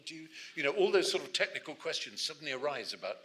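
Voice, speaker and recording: English man, bright clear voice, animated, digressive, live talk to an audience. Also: medium pitch, quick pace, hardly any pauses, a little hiss or hum. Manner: animated, digressive, many restarts. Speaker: guest speaker. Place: university society hall.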